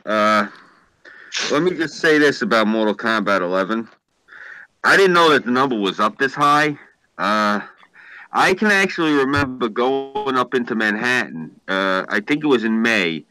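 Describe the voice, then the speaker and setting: A man's voice: medium pitch, expressive, normal speed, sharp tone, dry recording, low-quality recording. A man from Queens, telling rambling, profane stories as a podcast host in casual chat. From Queens, New York.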